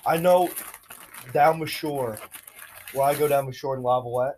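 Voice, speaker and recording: A man's voice: medium pitch, normal speed, darkish tone, slight background noise. A young man hosting a casual podcast chat with friends, upbeat and rambling. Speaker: podcast host.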